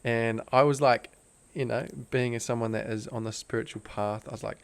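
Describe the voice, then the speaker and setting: A young Australian man, a podcast guest, shares a personal story earnestly and intensely, with "like" scattered throughout. His medium-pitched voice carries vocal fry and a clean tone, moving at a moderate pace with fairly even intonation, in a casual storytelling interview.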